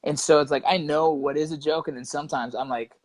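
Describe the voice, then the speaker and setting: A man's voice: fairly high pitch, fairly even intonation, fast talker, no echo, low-quality recording. A middle-aged man talking casually as a guest, laid-back and profane, leaning on "you know" and "right" and acting out quotes. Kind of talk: casual interview chat.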